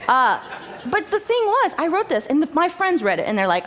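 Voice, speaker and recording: A young woman speaks to a conference audience from a stage in a chatty, self-mocking manner. Her delivery is animated, and she often restarts her sentences as she goes. She is picked up by a stage microphone in a large auditorium. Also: high-pitched, a little fast. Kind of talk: personal talk to a conference audience.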